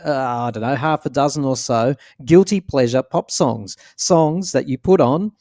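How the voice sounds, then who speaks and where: A playful man hosts a casual podcast chat, breaking into squealing mock voices now and then. His voice sits at an ordinary middle pitch. The recording is dry and close, with no room sound. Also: moderate pace, darkish tone, no room sound. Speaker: podcast host.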